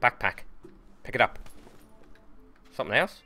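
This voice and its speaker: A man giving casual, excitable and sweary commentary while livestreaming a game and talking to his chat. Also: medium pitch, a little slow, soft background music. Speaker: game streamer.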